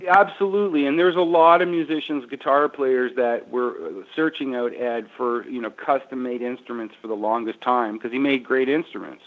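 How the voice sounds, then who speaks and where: A man from Canada, a guest musician, telling stories in a rambling, animated way during a casual interview. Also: medium pitch, moderate pace, few pauses. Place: his kitchen. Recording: tinny phone line.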